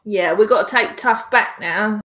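A woman's voice: medium pitch, unhurried, a bit bright. A woman co-hosting a gaming podcast, teasing her co-host in casual chat. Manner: teasing, joking.

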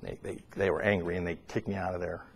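A middle-aged man preaching a sermon, swinging between loud, high emphatic peaks and low, quiet asides. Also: level tone, quick pace, gravelly, husky.

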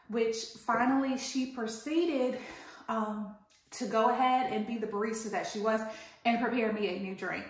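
A woman tells an animated, indignant storytime rant. Her voice sits a little high. The sound bounces around a very echoey room. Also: moderate pace. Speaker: vlogger.

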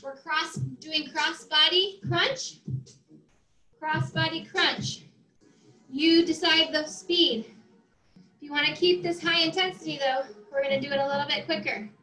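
A woman's voice: high voice, a little slow, pushed and bright, reverberant, low-quality recording. A woman fitness instructor leading a workout class, out of breath as she exercises and counts down the reps. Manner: encouraging, counts down reps, talks while exercising. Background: faint music.

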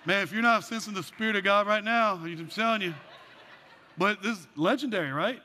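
A man preaching a sermon as pastor, animated with joking asides, then dropping into quiet earnest passages. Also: high-pitched, brisk, slight background noise. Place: church sanctuary. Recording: long church hall reverb.

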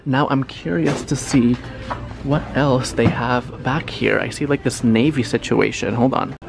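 Chatty young man with gravelly creak. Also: medium pitch, measured pace, music in the background. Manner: animated, chatty, with dramatic reactions. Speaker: lifestyle vlogger. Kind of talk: shop-with-me vlog narration. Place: large home decor store.

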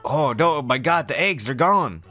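A man giving excitable let's-play commentary, talking to himself and shouting at the game. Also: fairly high pitch, measured pace, soft background music. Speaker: gamer.

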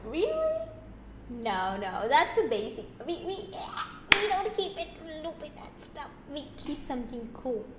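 A young woman streamer gives playful, teasing commentary with sudden excited exclamations. Her high, bright voice swings widely in pitch at a relaxed pace. The sound is roomy, with a faint hum of ambience behind her. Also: unhurried. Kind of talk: casual gameplay commentary.

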